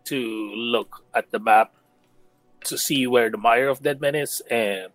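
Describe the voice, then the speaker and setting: A man's voice: mid-range voice, measured pace, a bit bright, no echo, faint music behind, rough recording. A man playing a tabletop game, easygoing in his talk. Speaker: player. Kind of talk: casual tabletop game chat.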